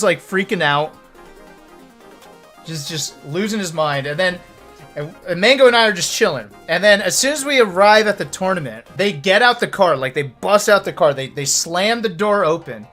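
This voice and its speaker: A man with a high, bright voice tells stories in a loose, casual way. He acts out his friends' lines in quick, animated bursts. Faint music plays under him. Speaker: streamer telling stories. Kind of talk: casual storytelling.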